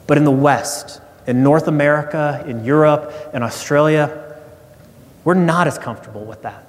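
Male pastor, sermon, casual storytelling, fairly high voice, long reverb. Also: normal speed. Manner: conversational storytelling preacher.

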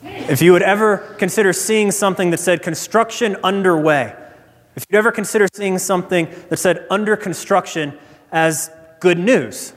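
A pastor with a notably high, light man's voice, preaching in an easy, storytelling way. His words ring out with the long reverb of a hall. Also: fairly quick. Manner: conversational storytelling. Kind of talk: sermon.

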